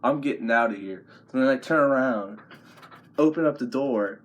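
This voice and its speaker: A man's voice: mid-range voice, moderate pace. A young man casually recounting a dream as a vlogger, profane and rambling, often breaking into laughter.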